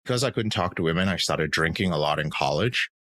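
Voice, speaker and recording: Man, very deep voice, bright edge, earnest storytelling, dry recording. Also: animated, fast, no echo. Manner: earnest, reflective, acts out quoted voices. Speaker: podcast guest. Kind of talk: candid personal storytelling.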